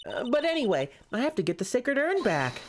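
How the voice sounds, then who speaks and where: A woman's voice: a little high, big pitch swings, fairly quick, a little hiss or hum. A woman reading a bold, cheerful young female sidekick aloud in a playful manner, for a game playthrough.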